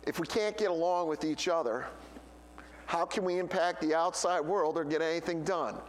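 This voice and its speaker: A man's voice: on the high side, normal speed, long reverb tail, slight background noise. A man preaching a sermon as a pastor, telling stories and acting out the voices he quotes. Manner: storytelling preacher who acts out quoted voices.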